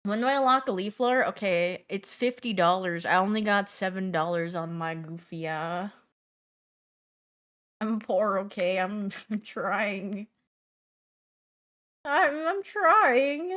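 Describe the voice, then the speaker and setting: A young woman chatting casually on a livestream, playful and talkative as she answers her chat. She lurches between sudden loud bursts and quiet mumbled asides, with a middle-pitched voice. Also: steady tone, a little slow. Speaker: streamer.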